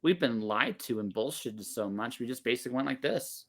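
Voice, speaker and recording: A man's voice: mid-range voice, expressive, a little fast. A man in his forties in casual podcast conversation, blunt and emphatic, swearing freely and often cutting himself off mid-sentence. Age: 40s.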